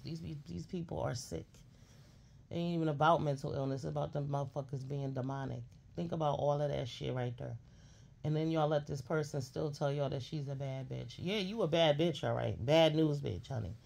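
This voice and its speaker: Sassy woman ranting, gravelly. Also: deep voice, darkish tone. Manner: blunt, scolding, sassy, heavy cursing. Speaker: commentary streamer. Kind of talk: profane ranting commentary.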